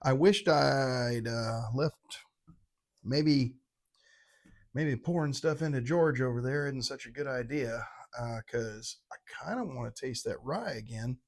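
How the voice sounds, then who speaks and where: A man's voice: mid-range voice, a little slow. A middle-aged man giving a casual, rambling and irreverent whiskey tasting review, poking fun at himself. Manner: rambling, irreverent, self-mocking.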